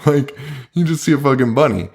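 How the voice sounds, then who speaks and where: Animated, profane man recapping a movie. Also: medium pitch, a little fast. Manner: animated, swears a lot, recaps the plot with acted quotes. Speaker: podcast co-host. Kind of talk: casual movie discussion.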